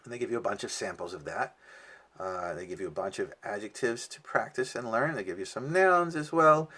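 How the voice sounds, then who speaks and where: Husky low-voiced man explaining a lesson. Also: brisk. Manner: relaxed explaining with frequent fillers. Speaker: language teacher. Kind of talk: casual lesson walkthrough.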